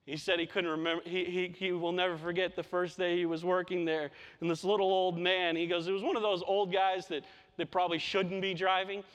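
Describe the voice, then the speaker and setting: A man with a high voice preaches a sermon in a church, his words trailing off into the long echo of the hall. He talks with passion and often repeats words to drive home his point. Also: level tone, brisk, clean tone, muffled recording. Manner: impassioned, repeats words when stressing a point. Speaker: pastor. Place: church sanctuary.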